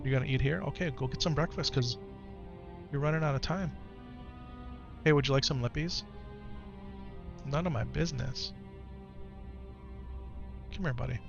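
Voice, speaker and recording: A man in his thirties at home, talking gently and patiently to his young son, then chatting casually with his live-stream viewers. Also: mid-range voice, normal speed, pauses often, muffled recording. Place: home, in the morning. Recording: clear background music under voice. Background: music.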